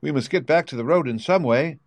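Storybook girl, eager and polite, voiced by a man in a clearly raised pitch. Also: fairly quick, dry recording, close to an everyday voice. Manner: eager, earnest. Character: young girl, earnest and polite.

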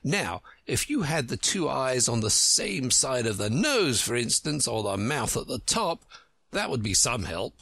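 A man's voice: medium pitch, sing-song, unhurried, vocal fry, a bit bright, breathy edge, no room sound, heavily acted. A man voicing a proud, touchy egg-shaped storybook figure, reciting verse in a lofty, pompous way.

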